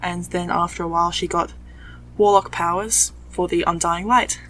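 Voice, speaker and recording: A woman with a soft Australian accent that leans English, chatting at length as a podcast guest. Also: on the low side, steady tone, moderate pace, a little hiss or hum, poor audio. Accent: soft Australian, leaning English. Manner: chatty, explains at length with fillers. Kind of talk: casual podcast chat.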